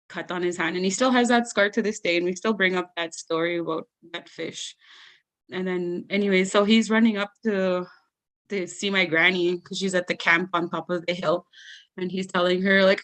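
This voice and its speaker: A young adult woman telling funny family stories as a guest storyteller at a live event, animated and laughing often. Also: lowish voice. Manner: animated, laughs often, acts out family members in raised voices.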